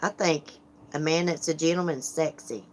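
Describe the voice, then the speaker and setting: A woman with a low voice hosts a casual livestream. She talks frankly and chattily, laughing often and greeting viewers by name as she reads their comments. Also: normal speed, a little hiss or hum. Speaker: livestream host.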